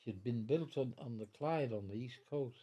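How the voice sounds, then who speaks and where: In his nineties, a veteran sits at home for an interview about his life, rambling, repeating himself, restarting, and chuckling as he goes. His voice is husky with a dark tone, medium in pitch, and he speaks at normal speed.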